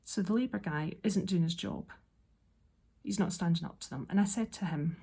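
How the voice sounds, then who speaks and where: A woman speaks in a casual, exasperated monologue, sounding slightly unwell and low on energy. Her voice sits low and gravelly, with a dark, husky tone. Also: normal speed. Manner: exasperated, ranting. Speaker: vlogger.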